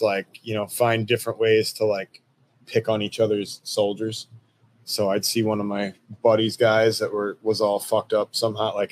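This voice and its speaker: Laid-back, profane American army veteran. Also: male voice, on the low side, a little hiss or hum. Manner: laid-back, profane, laughs while telling stories. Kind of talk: casual storytelling interview.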